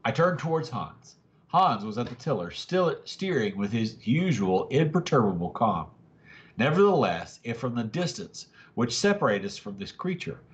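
Guy reading an adventure book out loud, voice rising and dipping a lot, dramatic. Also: mid-range voice, muffled recording. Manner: expressive, dramatic narration. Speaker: family story reader. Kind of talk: reading a novel aloud.

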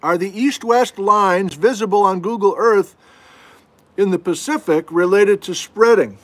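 Unhurried and high-voiced, a middle-aged geology instructor hosts an informal livestream indoors at home. He responds to viewer questions with folksy charm and jokes at his own expense.

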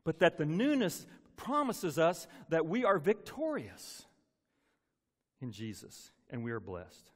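Man, senior pastor, folksy conversational sermon, slightly high voice, long church reverb. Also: big pitch swings, slow pace. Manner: conversational, folksy, repeats words and restarts. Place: church sanctuary.

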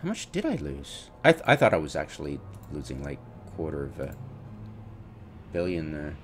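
A man's voice: rumbling low, wildly swooping pitch, normal speed, slight background noise. A man commenting on his own gameplay, mocking his mistakes, laughing often and acting out his inner voice. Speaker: gamer streamer.

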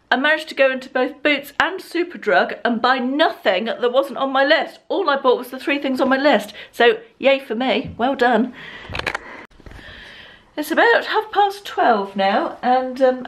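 An English woman in her fifties chatting through her day in a rambling, self-mocking daily vlog, filmed on a handheld camera in her car and at home. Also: a little high. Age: 50s. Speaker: lifestyle vlogger. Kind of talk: casual daily vlog chat.

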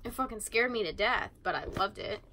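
Teen girl vlogger, chatty and sarcastic, bright tone, light background hiss. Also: medium pitch, lively intonation, brisk, rough recording. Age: teens. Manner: chatty, sarcastic, swears casually. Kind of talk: casual chat while cleaning.

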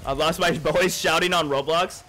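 A young man livestreaming a game in casual chat, excitable and joking as he thanks his chat. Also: a little high, moderate pace, background noise.

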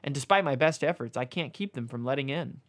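A man reads a comic erotic story aloud in a mid-pitched voice. His delivery stays mostly deadpan, broken by amused asides when he fumbles a word. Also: fast. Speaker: reader.

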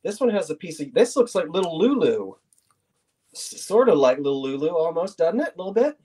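A man's voice: on the high side, big pitch swings, fairly quick, mellow, husky. A middle-aged man hosting a live online sale, chatty and playful as he shows old cards. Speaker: auction host.

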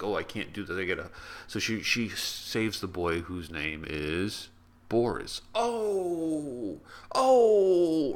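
Deep-voiced man reviewing a film. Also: fairly bright tone. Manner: rambling, heartfelt, many restarts. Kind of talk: casual vlog monologue.

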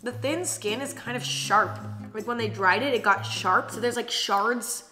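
A woman's voice: on the high side, unhurried, pushed and bright. A young woman in a casual taste-test vlog, blunt and candid, swearing now and then. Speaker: vlogger. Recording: faint music underneath.

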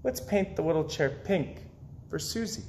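A man voicing a wistful, stubborn young boy who often mutters softly in a read-aloud storybook. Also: fairly high pitch, animated, moderate pace, a little hiss or hum, lightly acted. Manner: soft, often muttered or whispered.

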